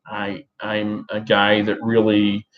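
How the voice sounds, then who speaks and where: A fairly low-voiced man in his thirties from Australia speaks in a put-on American accent, halting and rambling through a personal talk with many restarts. The recording is a bit dull and muffled. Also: completely flat delivery. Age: 30s. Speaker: vlogger.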